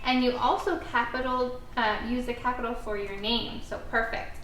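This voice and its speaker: A woman teacher guiding a young child through writing, with animated, encouraging step-by-step prompts. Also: on the high side, moderate pace, very noisy. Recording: echoey room, mic at a distance.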